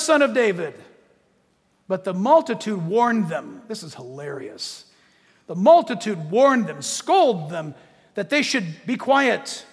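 A man preaching a sermon in a lively, joking way, acting out quotes from the text. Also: high-pitched, takes it slowly, creaky, slightly rough, long reverb tail. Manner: animated, jokey preaching with acted-out quotes. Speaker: pastor.

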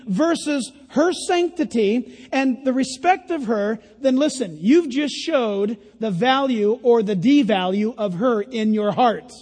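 A man's voice: very high-pitched, slow, few pauses, a little mellow. An older man preaching a sermon as a pastor, emphatic and earnest with playful asides. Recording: long reverb of a large hall.

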